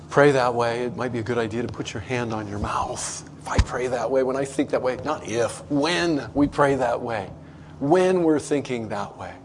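Speaking to a congregation in a conversational style, a male pastor preaches and dramatizes the voices he quotes with wide pitch leaps. A little hiss or hum can be heard.

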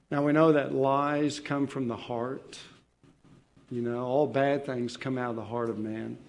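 A man preaching an expository sermon, slow and deliberate, pausing with fillers and restarting his phrases as he explains a Bible passage. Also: mid-range voice, a little mellow.

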